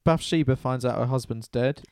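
A man's voice: medium pitch, normal speed, creaky, crowd noise. Irreverent man retelling a story. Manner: irreverent, sweary, acts out the characters' lines. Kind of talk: casual podcast chat, retelling a Bible story.

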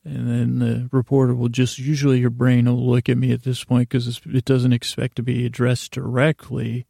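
A man's voice: medium pitch, completely flat delivery, moderate pace, gravelly, dark tone, no room sound, studio quality. A man hosting a podcast, telling a meandering, drowsy bedtime story full of restarts and fillers. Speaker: podcast host.

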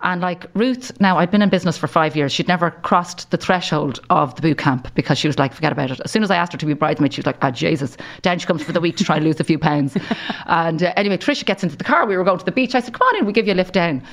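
Animated Irish woman telling stories. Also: lowish voice, racing. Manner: animated storyteller, laughs often. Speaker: guest, broadcaster. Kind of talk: casual interview chat.

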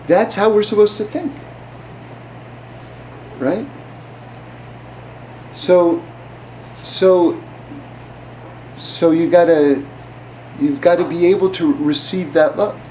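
A man's voice: a little high, extremely slow, long pauses, darkish tone, a little hiss or hum, poor audio. A man giving an informal religious class in a conversational way, often asking the listener rhetorical questions. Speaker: Torah teacher.

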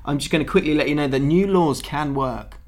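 Bloke hosting a footy podcast, a bit high voice, tells stories and does the voices. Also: male voice, brisk. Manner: animated storyteller, acts out quotes. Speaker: podcast host. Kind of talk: casual football podcast chat.

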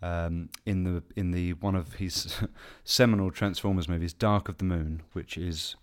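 A man with a deep, low voice co-hosts a casual film podcast. He talks with eager enthusiasm, spinning stories as he goes. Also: fairly even intonation, a little slow. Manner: enthusiastic, storytelling. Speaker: podcast co-host. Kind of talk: casual chat.

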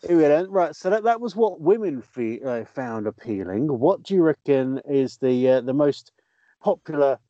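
A male presenter with a raised, very lively voice that swings up and down as he teases his co-hosts. His tone is dark and mellow, and the sound is dry and slightly muffled. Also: a little high, moderate pace, no echo. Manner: quizzing co-hosts, playful. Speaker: radio presenter. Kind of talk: radio chat.

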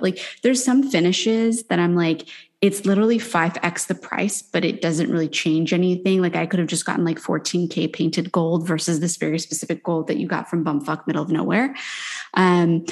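A young woman talking casually as a podcast co-host. Her voice is a little low, and she comes across as candid and playful, swearing freely as she vents. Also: darkish tone. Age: young adult. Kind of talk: casual chat.

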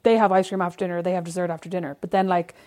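A woman's voice: on the low side, flat delivery, rapid-fire, a little mellow. A woman co-hosting a casual chat, rambling and storytelling. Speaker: podcast co-host. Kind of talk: casual chat between sisters.

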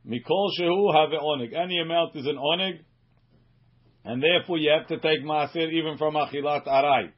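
A man teaching a Talmud class as a rabbi, reading Aramaic phrases slowly and then explaining them in quick English. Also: a little high. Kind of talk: Talmud study lesson reading and translating. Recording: muffled lo-fi recording.

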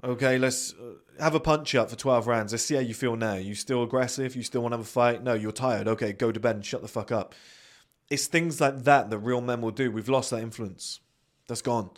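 A man's voice: medium pitch, brisk. A man hosting a podcast, talking in a blunt, profane, ranting monologue. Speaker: podcast host.

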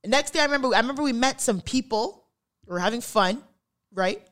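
A woman's voice: on the high side, expressive, brisk, a bit bright. A young woman chatting on a podcast, telling a story with lots of laughter and acting out the voices of the people in it. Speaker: podcast co-host. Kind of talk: casual storytelling chat.

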